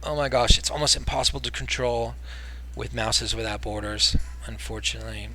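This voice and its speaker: A man's voice: medium pitch, steady tone, fairly quick. A man with an American accent chatting casually while streaming a game, rambling and then breaking into exasperated outbursts. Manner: rambling, swings between mumbling and loud exasperated outbursts.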